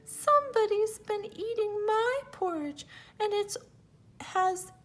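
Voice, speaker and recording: A woman voicing a little small wee boy bear with a sharp, shrill, squeaky voice in a read-aloud fairy tale. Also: expressive, takes it slowly, exaggerated voice. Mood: upset.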